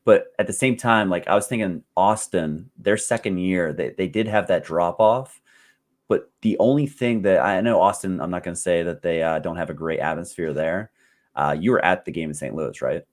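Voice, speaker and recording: A man with a very low voice, talking as a guest expert on a podcast. He speaks in an easygoing way and sprinkles in plenty of "uh" fillers. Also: moderate pace. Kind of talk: casual chat.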